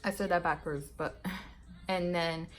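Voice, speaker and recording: A woman's voice: fairly low pitch, fairly even intonation, measured pace, soft background music, low-quality recording. A young woman chatting casually to camera as a mom vlogger, rambling, laughing often and using slang.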